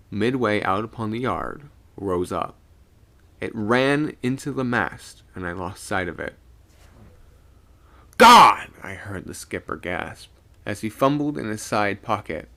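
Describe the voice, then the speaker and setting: A man reading a spooky sea story aloud on a live stream, animated, with small stumbles and self-corrections. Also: on the low side, a little slow, creaky.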